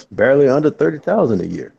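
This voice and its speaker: A man's voice: mid-range voice, sing-song, fairly quick, vocal fry, dark tone, husky, lo-fi sound. A man joining a casual political chat, making sarcastic, dry asides.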